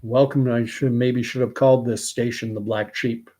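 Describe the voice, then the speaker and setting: A man's voice: medium pitch, fairly even intonation, moderate pace, warm tone. A man in his sixties from Canada, hosting a live stream, musing casually and greeting viewers with frequent fillers.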